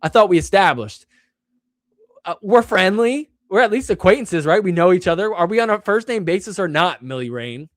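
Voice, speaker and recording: A man's voice: high-pitched, normal speed, no echo. Self-mocking male host, dry sound. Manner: animated, self-mocking, heavy use of "like". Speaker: show host. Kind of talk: casual solo storytelling.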